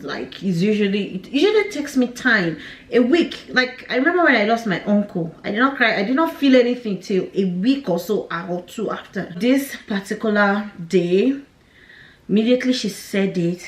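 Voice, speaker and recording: A woman's voice: medium pitch, measured pace. A young woman tells a painful personal story straight to camera. She speaks candidly, with nervous laughs breaking through. Her voice sits in a middle range, and it rings in an echoey room. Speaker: vlogger.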